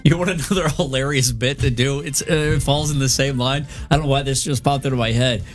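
A man's voice: mid-range voice, steady tone, a little fast, over music. Middle-aged man laughing through anecdotes. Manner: laughs at his own stories. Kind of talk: casual chat, anecdotes.

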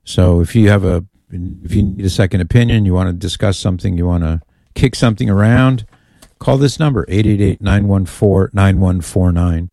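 A man's low, mellow voice hosting a radio call-in show. He keeps a folksy, joking tone as he banters with callers and his co-host. It is close to a studio mic with a dry sound. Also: normal speed, no room sound. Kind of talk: casual on-air banter. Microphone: studio microphone.

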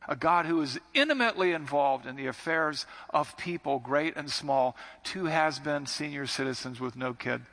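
A man's voice: on the high side, normal speed, hardly any pauses, a bit bright. A man preaching a sermon in an earnest, conversational way, circling back to repeated phrases. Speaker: pastor. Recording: long hall reverb.

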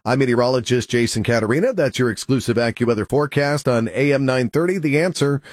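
A male meteorologist reading a scripted weather forecast in an even way. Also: medium pitch, fast, no echo, clean studio sound.

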